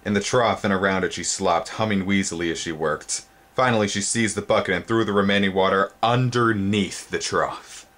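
A deep-voiced man reads a storybook aloud with a theatrical flair. His voice leaps upward on exciting words and slows to linger on them. He stops now and then to show the book's pictures. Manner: theatrical, sudden pitch jumps on exciting words. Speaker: storybook reader. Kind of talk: dramatic storybook reading.

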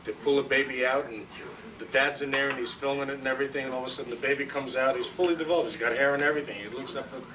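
A man telling a joke at a party, animated, doing the characters' voices. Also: mid-range voice, very fast, a crowd in the background. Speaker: joke teller. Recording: far-off camcorder mic with room noise.

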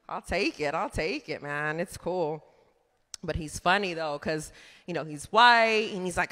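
Bright-voiced woman doing stand-up. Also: medium pitch, normal speed. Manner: chatty, animated, laughs at her own jokes. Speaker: stand-up comedian. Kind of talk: stand-up comedy set. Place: comedy club stage. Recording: reverberant club room.

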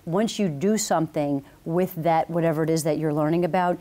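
Low, mellow-voiced female professor. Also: fairly even intonation. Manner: explanatory, measured, confident. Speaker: business professor, guest. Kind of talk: TV interview. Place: TV studio.

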